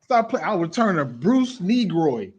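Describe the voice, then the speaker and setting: Animated male show host, higher voice. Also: unhurried, a little hiss or hum. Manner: animated, reads out viewer comments. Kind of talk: casual commentary show.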